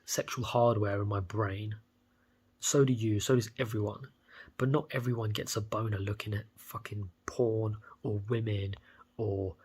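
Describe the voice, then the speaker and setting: A man's voice: medium pitch, breathy edge. A young British man with a stuffy cold, talking bluntly and profanely in a rambling casual monologue. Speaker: vlogger.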